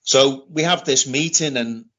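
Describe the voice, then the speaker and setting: A middle-aged British man telling a personal story in an interview, halting and often repeating himself as he restarts. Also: medium pitch, a bit bright. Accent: British English. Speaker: interview guest. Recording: dull lo-fi recording.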